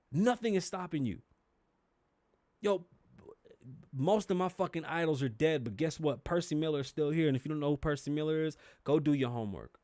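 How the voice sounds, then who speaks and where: A man's voice: medium pitch, moderate pace, dry recording. A man in his thirties with a New York accent, hosting a solo podcast and ranting with blunt, profane emphasis. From the Bronx, New York. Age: 30s. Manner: profane, fired-up and emphatic, swings between shouting and muttering. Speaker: podcast host. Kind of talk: opinionated solo podcast rant.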